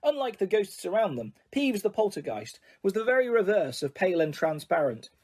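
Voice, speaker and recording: High-voiced male audiobook narrator, steady storyteller. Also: brisk, slightly rough. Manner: steady storytelling with small slips.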